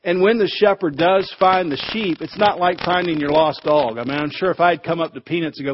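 A man's voice: a little high, fairly quick, few pauses, husky. A male pastor delivering a sermon in a conversational storytelling way, with touches of humor. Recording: dull lo-fi recording.

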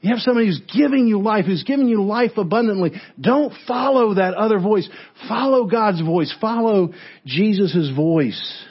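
A man's voice: high-pitched, lively intonation, normal speed, husky, dull audio. A male pastor preaching a sermon in a church, reading scripture aloud with emphatic, repeated phrases. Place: church sanctuary.

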